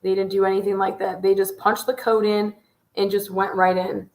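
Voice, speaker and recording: A woman's voice: mid-range voice, flat delivery, normal speed, a little mellow, echoey room. A woman hosting a commentary show, walking listeners through footage detail by detail. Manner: analytical, pointing out details. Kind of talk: case commentary over footage.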